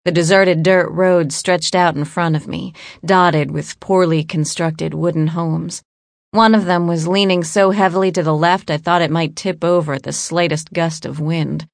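A woman narrates an audiobook in a low voice. Her delivery is measured and cool. The recording is dry and close. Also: fairly even intonation, vocal fry, dry recording.

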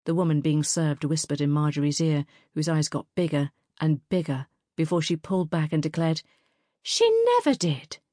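A woman narrating a novel in a measured, even way. Her voice is low and the recording dry and close. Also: no echo. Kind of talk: audiobook narration.

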